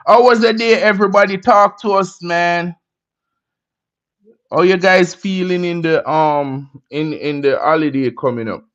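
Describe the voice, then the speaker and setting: On a relaxed livestream, the host's high voice moves a little slowly as he welcomes viewers with easygoing Jamaican slang. The audio comes through dull, with a lo-fi stream quality.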